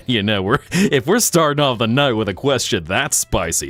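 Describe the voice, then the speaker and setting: A man hosting a live stream, chatting casually in an animated, rambling, jokey way. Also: medium pitch, normal speed, dry recording, faint music behind.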